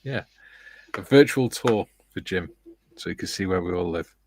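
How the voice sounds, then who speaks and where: A man's voice: sits low, moderate pace, a little mellow. A man hosting a casual live model-building stream, reading out viewer comments and greeting them.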